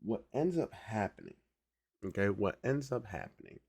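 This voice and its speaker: Male podcast host, low and gravelly, talks loose and slangy, keeps pulling the listener in. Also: sing-song, normal speed, darkish tone, dry recording. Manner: conversational, keeps asking "right?" to the listener; slangy, drawling delivery. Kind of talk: casual solo commentary.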